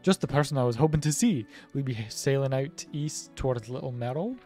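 A man's voice: medium pitch, a little fast, warm tone, close to an everyday voice. A man doing a prim, overly polite villager. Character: polite fussy villager asking a delivery favor. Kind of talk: reading game dialogue aloud. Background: faint game music.

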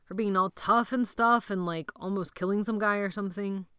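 A woman's voice: mid-range voice, fairly even intonation, moderate pace, fairly bright tone, clean tone, no echo, studio quality, lightly acted. Give me a cocky joking teen boy, as a woman puts him on in a storybook reading. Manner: teasing, casual slang.

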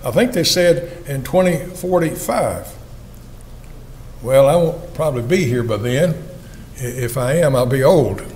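A man's voice: medium pitch, expressive, a little slow, darkish tone, slight background noise, low-quality recording. Older guy preaching, folksy and earnest, voice swoops up and down a lot. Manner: earnest, folksy, asks the congregation questions. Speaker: evangelist preacher. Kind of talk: sermon.

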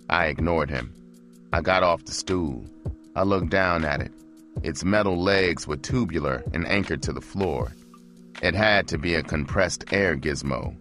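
Audiobook narrator, deep low man's voice, soft music underneath. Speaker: audiobook reader. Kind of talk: first-person narration of a memoir.

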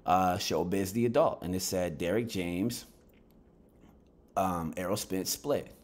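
A man with a lowish voice, just woken up, talking straight to camera in a casual vlog. He rants bluntly about boxing gossip and swears freely. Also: slow pace. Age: adult. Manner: heated, blunt rant with profanity. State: just woken up, lower energy. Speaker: YouTube boxing commentator.

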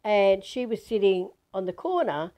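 An Australian woman over fifty from Western Australia, telling a personal spiritual story in an animated way. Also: medium pitch, measured pace. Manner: animated, acts out quoted voices. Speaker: spiritual teacher.

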